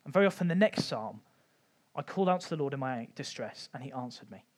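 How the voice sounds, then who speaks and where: A man giving an informal Bible teaching talk, conversational with light humour and frequent pauses. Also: medium pitch, lively intonation. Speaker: church teacher.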